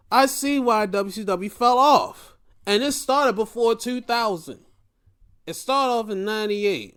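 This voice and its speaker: A man's voice: sits high, fairly bright tone. A young man hosting a podcast, giving a profane, exasperated rant in casual commentary. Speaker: podcast host.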